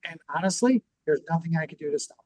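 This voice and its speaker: A middle-aged man with a fairly high voice, recorded close and dry with no room sound. He teaches in a relaxed chat, telling stories from his own business and acting out each person's lines as he goes. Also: quick pace, dry recording, poor audio. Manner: storytelling, acts out quoted dialogue, repeats words when restarting. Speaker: podcast co-host and business owner.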